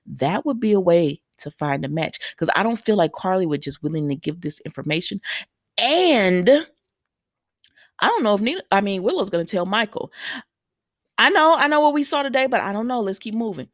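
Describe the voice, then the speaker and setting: Chatty woman recapping a soap, low-pitched. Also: no echo, studio quality. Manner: chatty, addresses viewers directly, retells scenes with quoted lines; opinionated asides scolding characters. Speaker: soap opera recap host. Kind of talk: casual recap chat.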